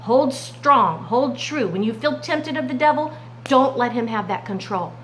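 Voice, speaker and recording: A woman Sunday school teacher telling a Bible story to children in an expressive way. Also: on the high side, a little slow, slight background noise, low-quality recording. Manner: expressive, warm addresses to "friends".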